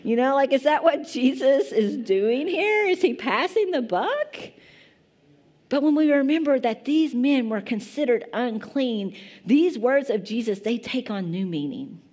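A woman's voice: high voice, lively intonation, unhurried, a little mellow. A woman in her thirties preaching a sermon in a church, conversational and often asking the congregation questions. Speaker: pastor. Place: church sanctuary.

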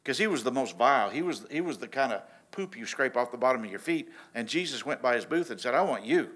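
A man preaching a sermon in a casual, animated storytelling way, often restarting his sentences. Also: medium pitch, fast talker. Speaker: pastor.

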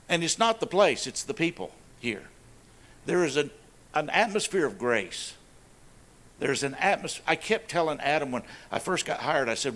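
A man's voice: fairly high pitch, very animated, moderate pace, gravelly, fairly bright tone. A man giving an earnest, emphatic sermon in an informal style, with repeated phrases and personal asides. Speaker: church staff member preaching.

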